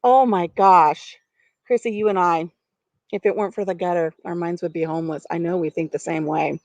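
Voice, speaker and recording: A woman's voice: on the low side, fairly even intonation, normal speed, a little mellow, no echo, muffled recording. A middle-aged woman chatting casually on a live stream from outdoors on her farm porch, giggling and talking to viewers by name.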